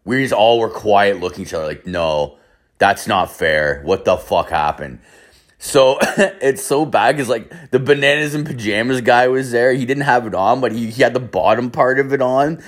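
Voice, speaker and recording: A man's voice: medium pitch, moderate pace. A man casually telling a rambling, profane story as a vlogger, piling up "I was like" asides.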